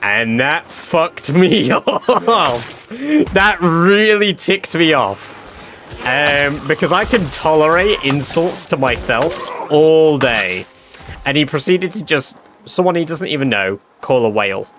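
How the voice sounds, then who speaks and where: A man's voice: on the high side, animated, takes it slowly, fairly bright tone. Man telling a sweary story. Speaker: game streamer. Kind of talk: casual livestream chat. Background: game music.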